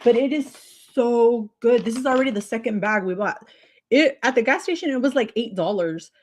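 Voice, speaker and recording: A woman hosting a casual livestream, chatty and excitable, laughing often as she answers viewer comments. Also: on the high side, moderate pace. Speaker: livestream host.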